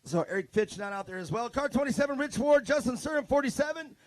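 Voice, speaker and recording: A man's voice: extremely high pitch, animated, quick pace, no room sound. A man doing live trackside announcing at an outdoor race, joking and chatting with drivers and crews into a handheld mic.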